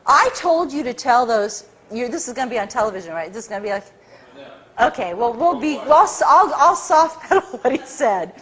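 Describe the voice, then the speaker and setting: A middle-aged woman speaking to an audience, telling a story in an animated way and acting out the people she quotes. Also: brisk. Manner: acts out quoted people with big pitch jumps. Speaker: speaker at a public talk.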